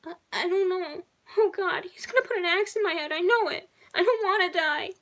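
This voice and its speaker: A woman voicing a terrified little girl, sobbing and pleading in a high, shaky voice while reading her own story aloud. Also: fairly quick, fairly bright tone.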